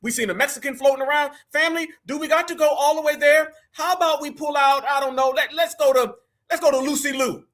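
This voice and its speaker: A man hosting a live stream, reacting to clips in a loud, mocking way and often calling out to his audience. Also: extremely high pitch, steady tone, quick pace. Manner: loud, mocking, keeps addressing "family".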